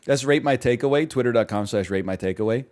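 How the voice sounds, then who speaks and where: A man's voice: medium pitch, fast. A man streaming a casual chat, ranting in disbelief with frequent laughs. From Canada. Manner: incredulous, animated ranting with laughs.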